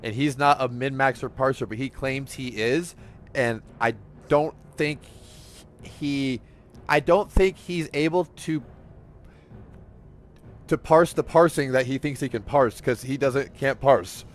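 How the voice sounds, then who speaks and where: This young man hosts a casual gaming podcast, speaking in a mid-range voice that runs a little slow with frequent pauses. He rambles, swears, leans heavily on "like," and acts out what other people said.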